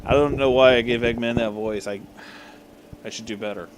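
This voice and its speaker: A man's voice: medium pitch, steady tone, a little fast, background noise. A young man comically reading a story aloud, swearing freely and breaking off for joking asides. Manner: irreverent, swearing, frequently breaking off to joke. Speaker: fan-fiction reader.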